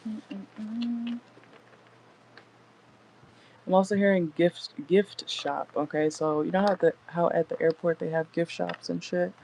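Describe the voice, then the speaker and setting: A woman's voice: fairly low pitch, fairly even intonation, normal speed, gravelly, few pauses, warm tone, a little hiss or hum, rough recording. A young woman doing a casual live tarot reading from inside a car, chatty and laid-back, laughing often and swearing casually. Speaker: tarot reader.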